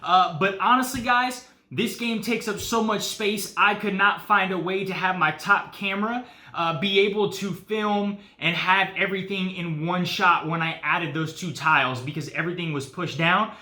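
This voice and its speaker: A man's voice: sits high, normal speed, few pauses, bright, forceful tone, reverberant. A man hosting a board game channel, chatting casually through a solo playthrough at a game table and often saying guys and uh.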